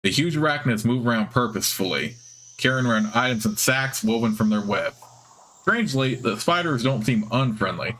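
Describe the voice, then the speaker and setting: A man hosting a let's play, reading game text aloud in a steady narration with casual asides. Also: mid-range voice, moderate pace.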